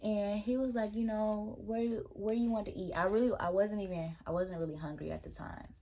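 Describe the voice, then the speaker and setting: A woman's voice: fairly low pitch, a little mellow. A woman vlogger casually telling a story, chatty and exasperated, with restarts along the way.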